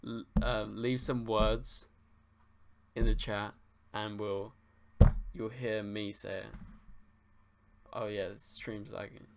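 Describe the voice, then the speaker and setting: A young man hosts a casual livestream, reading out viewers' questions and answering in a loose, rambling way. His voice sits on the low side with a gravelly fry running through it. He swears offhandedly and sounds relaxed throughout. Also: takes it slowly, long pauses, heavy background noise. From England. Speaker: livestream host.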